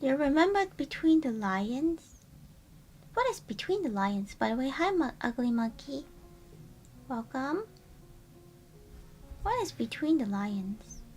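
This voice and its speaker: A woman's voice: sits high, big pitch swings, slow pace, long pauses, a little mellow, faint music behind. A woman streamer chatting casually and playfully with her viewers, rambling and greeting chat.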